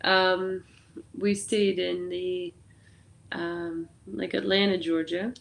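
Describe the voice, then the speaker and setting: A woman from Canada chatting casually as a podcast guest, telling stories in a lively way. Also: lowish voice, slow pace, creaky. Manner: chatty, animated storyteller. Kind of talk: casual chat.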